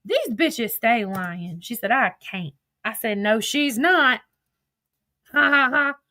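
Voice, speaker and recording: A woman's voice: on the high side, sing-song, slow, bright, forceful tone, no room sound. Profane, gossipy woman reading texts aloud. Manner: profane, laughing, gossipy storytelling. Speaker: social media streamer. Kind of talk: casual commentary reading text messages aloud.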